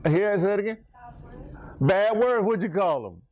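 A man's voice: high voice, expressive, unhurried, pauses often, a little mellow. A middle-aged man preaching an interactive Bible study, telling stories and chatting back and forth with his congregation.

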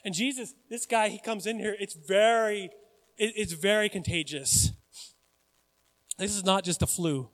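A male pastor preaching a sermon in a conversational, animated way, often putting questions to the congregation. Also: high-pitched, measured pace. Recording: long hall reverb.

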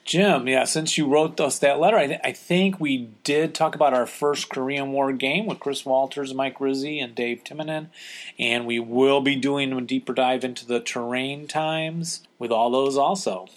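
A man hosting a podcast from his family home, reading listener letters in a relaxed, joking chat. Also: medium pitch, moderate pace. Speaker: podcast host.

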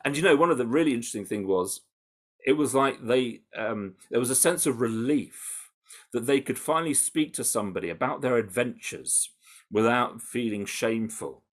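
A British man answering interview questions in an animated, conversational way, with frequent restarts and fillers. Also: mid-range voice, normal speed. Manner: animated, full of restarts and "you know". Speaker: campaigner interviewed about undercover research.

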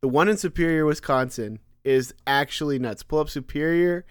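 A man co-hosting a casual podcast chat, animated and laughing, jumping up in pitch for emphasis. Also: normal speed, clear, resonant tone, dry recording, clean studio sound. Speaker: podcast co-host.

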